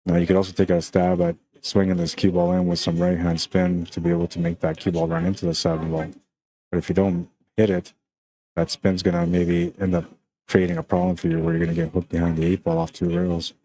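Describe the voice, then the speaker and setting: Calm and chatty, a male pool commentator narrates his live stream shot by shot in an even, easygoing tone. He's Canadian with a Spanish accent, his voice low and mellow, and "man" and "like" keep popping up.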